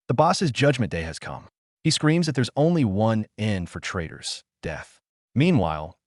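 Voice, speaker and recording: A man with a low voice tells a dramatic story recap in a hyped way, his pitch swinging widely from line to line. He drops in casual asides to the listener, and the sound is dry and close. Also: no room sound. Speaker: recap narrator.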